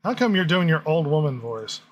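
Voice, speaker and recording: Joking man with a lively voice. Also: on the high side, fairly quick, dull audio. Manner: joking, teasing, laughs along. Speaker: podcast co-host. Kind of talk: casual chat.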